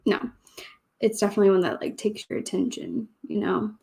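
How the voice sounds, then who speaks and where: A woman's voice: medium pitch, a little fast, vocal fry, darkish tone. A woman hosting a book channel, chatting casually on a livestream in a rambling way and laughing often.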